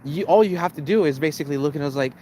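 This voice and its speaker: A man giving rambling casual commentary on a live stream. He restarts often and keeps calling out to "ladies and gentlemen.". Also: on the high side, rapid-fire, a little hiss or hum.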